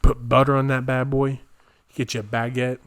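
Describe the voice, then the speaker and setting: A young man talks through a solo podcast in a small room at home. His voice sits at an ordinary middle pitch and rambles from one bit to the next, breaking into incredulous asides as he reads things aloud. The sound is close and dry, with no room echo. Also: little pitch movement, moderate pace. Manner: rambling, incredulous, riffing while reading aloud. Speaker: podcast host. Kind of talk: solo comedic podcast rant.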